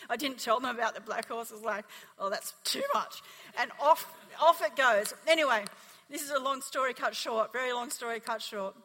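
Australian woman pastor, high and bright voice, lively testimony sermon, long church reverb. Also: fairly quick. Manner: animated storytelling, acting out quotes.

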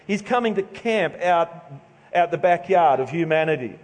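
A middle-aged Australian man preaches in a loose, joking, chatty manner, often restarting his phrases. His voice sits a little high for a man, and the church hall around him rings with a long reverb. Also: lively intonation, moderate pace. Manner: casual, joking, conversational preaching with stumbles. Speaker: pastor. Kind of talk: sermon.

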